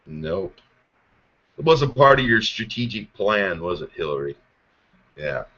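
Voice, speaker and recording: A man's voice: on the low side, very animated, a little slow, fairly bright tone. Profane ranting man, muffled audio. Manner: angry, heavy swearing, sarcastic. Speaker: podcast host. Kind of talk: profane political rant.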